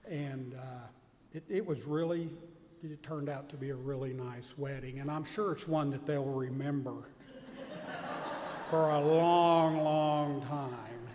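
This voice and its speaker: A man's voice: mid-range voice, steady tone, normal speed, mellow, in a large hall, a little hiss or hum. A man giving a homily, telling a funny story full of quoted dialogue.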